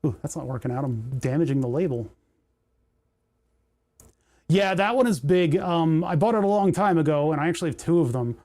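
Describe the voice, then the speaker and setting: A man's voice: fairly high pitch, lively intonation, moderate pace, pauses often, darkish tone, no echo. A man hosting a casual livestream from his home workshop, rambling and talking to himself as he works through menus on a desk mic. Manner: rambling, talks to himself while fiddling with menus. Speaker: livestream host. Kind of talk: casual livestream chat while working. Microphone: desk microphone.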